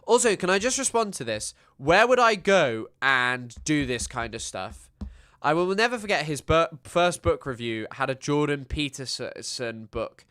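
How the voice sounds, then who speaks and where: Guy on a reaction stream, sarcastic ranty, smooth clear voice. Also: on the high side, very animated, unhurried, sharp tone. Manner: sarcastic, ranting. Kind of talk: livestream reaction commentary.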